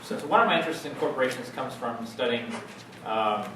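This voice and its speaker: A man giving an academic lecture as a guest speaker, halting with many fillers and restarts. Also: medium pitch. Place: lecture hall. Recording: echoey hall, distant mic, noisy.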